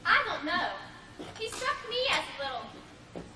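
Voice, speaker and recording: A woman's voice: very high-pitched, very animated, measured pace, heavily acted. A young woman in a school play voicing a sensible, skeptical young friend who speaks plainly. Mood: doubtful. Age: young adult. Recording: very echoey hall, far mic, audience.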